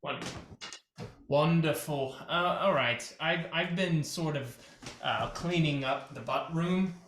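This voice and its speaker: A man taking part in a tabletop game with short, upbeat answers and a slightly high voice. His mic sounds roomy, with a faint hiss under it. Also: slow, fairly bright tone. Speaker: player. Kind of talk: casual tabletop game talk.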